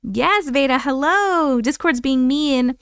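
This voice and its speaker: A woman's voice: high-pitched, takes it slowly, a bit bright, no echo, clean studio sound. A woman hosting a live stream, chatting casually and greeting viewers by name as she catches up on chat. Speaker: livestream host reading chat. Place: at home.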